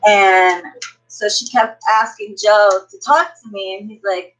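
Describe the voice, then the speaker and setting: A woman's voice: on the high side, lively intonation, a little slow, rough recording. A woman tarot reader chatting casually on a livestream, brash and profane, greeting viewers by name.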